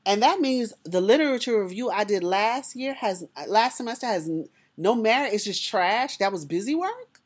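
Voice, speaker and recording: A woman tells a personal story in a lively, conversational way, speaking directly to her listeners. Her mid-range voice is slightly rough, and she talks at a normal speed.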